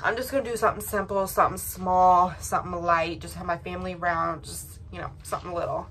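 A young woman talks straight to her viewers in a loose, rambling vlog chat. Her voice sits a little on the low side, and she circles back with plenty of ums and restarts. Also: fairly even intonation, quick pace, fairly bright tone. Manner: rambling, emotional, many fillers and restarts. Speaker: vlogger.

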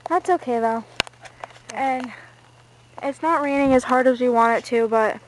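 A woman with a fairly high voice chats playfully for a home video while sitting outdoors in the rain. She hams up her lines with mock drama and stalls with hesitant fillers. A faint hiss sits behind her. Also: a little slow. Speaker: vlogger. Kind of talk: casual home video chat.

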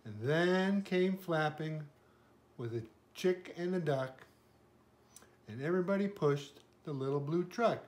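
An older man reads a children's picture book aloud at an unhurried, slow pace. His voice is fairly high for a man, and he stops now and then to point out the pictures, gently, as a grandfather would for a child.

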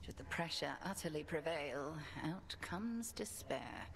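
A calm old witch mentor from a video game, her voice low and gravelly with a creaky edge. She speaks slowly and hushed. A faint hiss sits behind her. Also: heavily acted. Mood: solemn. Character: wise older female witch mentor, calm.

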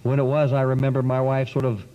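A man giving an earnest, dramatic spoken testimony to an audience, with long pauses and sudden swings in pitch. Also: completely flat delivery, mellow. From South Carolina. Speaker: speaker giving a testimony talk. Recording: dull lo-fi 1990s recording in a long-echo hall.

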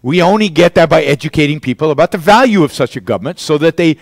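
A man's voice: a little high, animated, fast, dry recording. A man giving a public lecture and answering questions, arguing emphatically with rhetorical questions. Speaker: guest lecturer.

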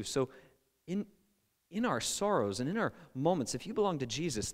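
A male pastor preaching a sermon in a conversational, animated way, with playful asides. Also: mid-range voice, in a large hall.

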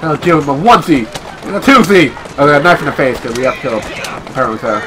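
A man's voice: animated, quick pace, noisy background. Playful young man commentating a game. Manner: joking and playful, with sudden high yelps. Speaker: gameplay commentator. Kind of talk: casual let's-play commentary.

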